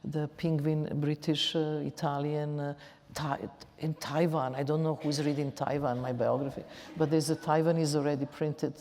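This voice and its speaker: A woman's voice: low-pitched, little pitch movement, moderate pace, dark tone. A woman with a Slavic accent speaking non-native English as an onstage interview guest, often repeating and restarting phrases. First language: Serbian. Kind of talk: onstage conversation. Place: large auditorium. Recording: long hall reverb.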